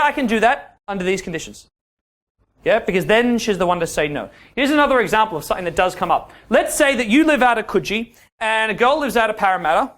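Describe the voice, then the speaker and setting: Animated man coaching a class. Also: high voice. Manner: animated, acts out quoted dialogue, keeps checking in with "yeah?". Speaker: dating coach. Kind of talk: seminar talk to a class of men.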